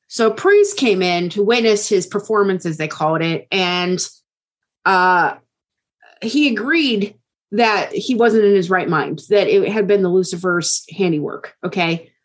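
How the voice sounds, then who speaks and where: A woman's voice: mid-range voice, unhurried. Casual woman telling a true crime story. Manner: casual, keeps checking in with okay. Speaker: podcast co-host.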